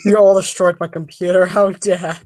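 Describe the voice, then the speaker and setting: A woman's voice: fairly low pitch, little pitch movement, normal speed, a little mellow. A woman joining a casual voice chat with playful, teasing banter.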